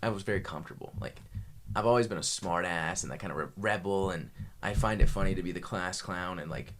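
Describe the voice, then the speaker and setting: A man's voice: low voice, fast talker, a bit bright. A young man and army veteran on a podcast, telling war stories in casual, profane chat and laughing a lot.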